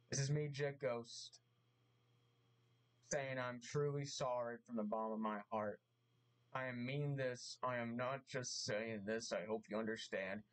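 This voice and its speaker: Man, vlogger, halting earnest apology, mid pitch. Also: poor audio. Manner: halting, repeats himself, earnest and emotional. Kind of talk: apology vlog. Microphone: mask on, camera vlog.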